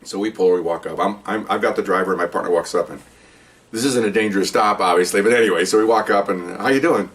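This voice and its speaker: A man's voice: low-pitched, fast, a bit bright, distant mic. An older man, a retired police officer, telling a story from his career in a casual, rambling way, often repeating and restarting words.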